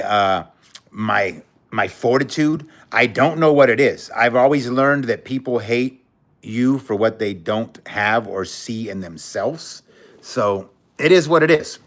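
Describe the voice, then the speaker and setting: A man's voice: medium pitch, measured pace, a bit bright. Blunt, outspoken man streaming live. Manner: blunt, outspoken, cursing freely; earnest, emotional and candid. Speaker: livestream host. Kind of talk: casual livestream chat, reading viewer comments.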